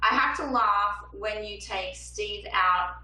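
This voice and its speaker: A woman's voice: medium pitch, takes it slowly, bright, forceful tone, roomy sound, recorded from a distance, slight background noise, low-quality recording. A young woman, a singer-songwriter, chatting casually with viewers on a livestream from her apartment and reading out their comments. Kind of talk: casual livestream chat between songs.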